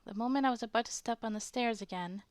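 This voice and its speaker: A woman's voice: fairly high pitch, quick pace, clear, resonant tone, no room sound. A woman streaming a visual novel playthrough, reading the game's text aloud and chatting playfully with her viewers. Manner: chatty, playful, reacts to chat. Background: faint game music.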